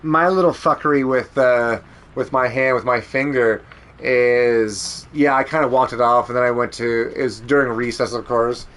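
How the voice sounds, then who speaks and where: A man from Canada chatting through a game stream in an animated, loose way. He swears freely while he tells stories. He acts out the shouted parts instead of just reporting them. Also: medium pitch, normal speed. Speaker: streamer playing a video game. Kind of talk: casual gameplay chat and storytelling.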